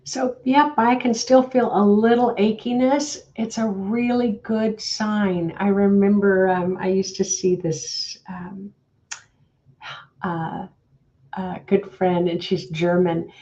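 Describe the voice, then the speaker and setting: Lady host leading a guided meditation, easy chatty vibe, mid pitch, kinda muffled lo-fi sound. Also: steady tone, slow pace. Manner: gently guiding, chatty with fillers. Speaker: spiritual teacher and host. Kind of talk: guided meditation and spiritual talk. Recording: dull lo-fi audio.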